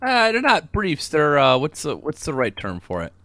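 A man co-hosting a casual comedy podcast, reacting with quick laughs and lively asides. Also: a little high, dry recording. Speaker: podcast co-host.

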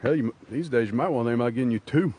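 A man's voice: medium pitch, very fast, warm tone, husky. A man hosting a podcast, talking casually in a profane, rambling way that speeds up when he gets worked up. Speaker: podcast host. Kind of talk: casual chat.

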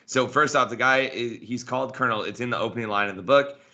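A man's voice: medium pitch, fast, sharp tone. A man co-hosting a casual history podcast, explaining details and reading passages from a book aloud. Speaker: podcast co-host.

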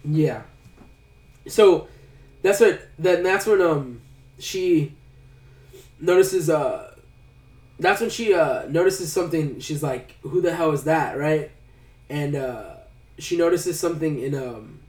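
A man casually recapping a movie plot, rambling and hesitant with lots of fillers. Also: on the high side. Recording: roomy sound, a bit far from the mic.

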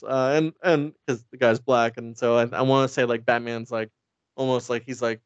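A man recaps a comic in a loose, joking chat, rambling and putting on quick voices for the characters. His voice is smooth and clear, recorded dry and close. The audio sounds a little dull. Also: medium pitch, fairly even intonation, dry recording. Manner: rambling, joking, acts out lines in quick impressions. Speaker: podcast co-host recapping a comic. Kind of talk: casual comedic recap.

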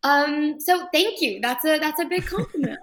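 A woman from Texas, an actress guest chatting enthusiastically in an interview, with frequent quick restarts. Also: high voice, expressive, fairly bright tone. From Texas, USA. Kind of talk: casual interview chat.

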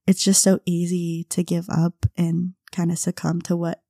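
A young woman hosting a podcast, telling a casual story with frequent laughs and quick impressions of her friends. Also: fairly low pitch, completely flat delivery, creaky, dark tone, dry recording, studio quality. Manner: chatty, laughs often, mimics friends in quotes. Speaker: podcast host.

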